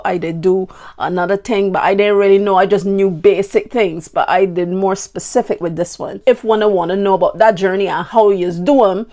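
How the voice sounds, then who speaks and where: A woman's voice: medium pitch, a little mellow. A woman from Barbados with a Bajan accent, hosting a podcast and sharing her ancestry in an emotional, heartfelt way. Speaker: podcast host. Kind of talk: personal heritage talk.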